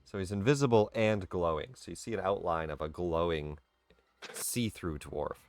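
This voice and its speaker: A man's voice: low voice, normal speed, a little hiss or hum. A man running a tabletop game as dungeon master, narrating casually with fillers.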